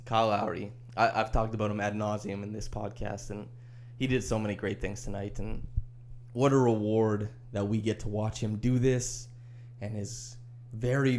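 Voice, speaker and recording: A man's voice: fairly low pitch, a little mellow, a little hiss or hum. A man hosting a solo sports podcast, talking in a chatty, wry, easygoing way. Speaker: podcast host. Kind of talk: casual solo podcast commentary.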